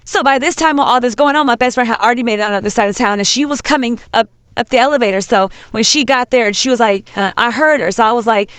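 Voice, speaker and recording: Young woman, rapid-fire casual storyteller, slightly high voice, dry close sound. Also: dry recording. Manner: animated, quoting others in dialogue.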